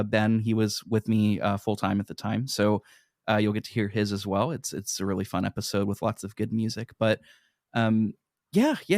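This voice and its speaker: Low-voiced man, halting podcast guest. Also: a little mellow, dry recording, clean studio sound. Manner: rambling, halting with many fillers. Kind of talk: casual chat.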